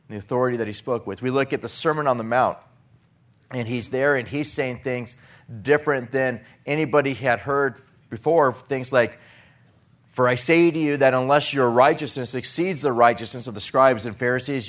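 A male preacher delivering a sermon in an earnest, steady voice of middle pitch. He swells into emphatic, raised passages when quoting scripture, then drops back to a quieter teaching tone. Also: brisk.

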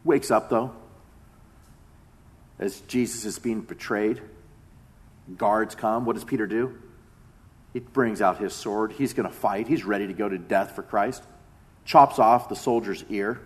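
A man preaching a sermon, retelling a story with dramatic swings between loud emphasis and hushed tones. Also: fairly low pitch, unhurried, pauses often.

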